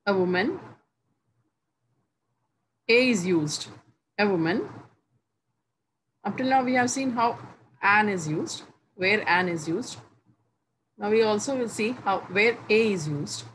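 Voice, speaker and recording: A woman gives a slow, unhurried grammar lesson, taking her time over every phrase. She speaks at a middling pitch and repeats each example word carefully. A faint hiss of background noise sits under the recording. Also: lively intonation, low-quality recording. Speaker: English grammar teacher. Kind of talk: slow, deliberate classroom explanation.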